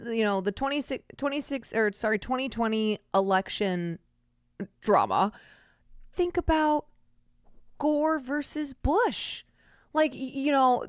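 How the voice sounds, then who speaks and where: A young woman streams her reaction to a video in a loose, chatty way, breaking in with quick asides as she thinks aloud. Her voice is fairly high and smooth, and the sound is close and dry. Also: dry recording. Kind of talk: casual reaction commentary.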